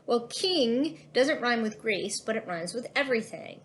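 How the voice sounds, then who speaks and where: A woman's voice: a little high, lively intonation, a little slow. A woman teacher giving a recorded lesson, explaining patiently with a few fillers.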